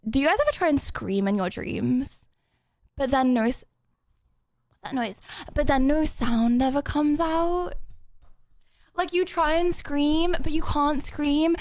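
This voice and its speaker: A woman's voice: high-pitched, a little slow, long pauses, darkish tone, no room sound, clean studio sound. A young woman streaming live, chatting casually and giggling with her chat, a little out of breath.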